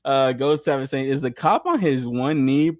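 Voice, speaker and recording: Young male host, loose and swearing, laughs through his rants; mid pitch, dry sound. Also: moderate pace, a little mellow, no echo. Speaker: podcast host. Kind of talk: casual chat.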